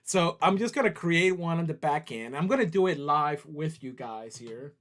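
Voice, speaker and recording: A man with a slightly high voice hosts a relaxed livestream from his desk. He talks straight to his viewers as he clicks through things on screen, and laughs easily. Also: moderate pace. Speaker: company CEO hosting a livestream. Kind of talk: casual livestream chat.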